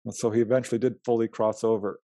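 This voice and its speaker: A man's voice: on the low side, fast, no echo. A man, a researcher and writer, telling his experiences in an interview, acting out the dialogue with laughs. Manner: animated, acts out quoted dialogue with laughs. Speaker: guest, UFO researcher and writer. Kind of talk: storytelling in an interview.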